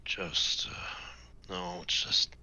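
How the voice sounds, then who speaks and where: A man voicing a grim, weary young warrior in a tabletop game, speaking in a halting, guarded way with a husky voice. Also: pushed and bright. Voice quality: gravelly, husky. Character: grim gravelly young male warrior, estranged son. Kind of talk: in-character tabletop role-play.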